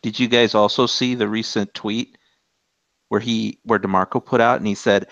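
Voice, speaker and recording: A young man co-hosts a podcast, feeling his way through questions and restarting them. His voice is lowish. His mic sounds dull and dry, lacking top end. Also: fairly even intonation, moderate pace, vocal fry, fairly bright tone, no echo. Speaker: podcast co-host. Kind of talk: casual chat.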